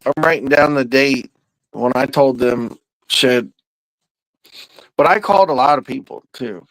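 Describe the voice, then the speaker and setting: Telling loose, wandering stories on his podcast, a man swears freely and drawls his way through tangents at a measured pace with frequent pauses. His voice is ordinary in pitch and a bit bright, recorded close, dry, and echo-free, though the recording is rough.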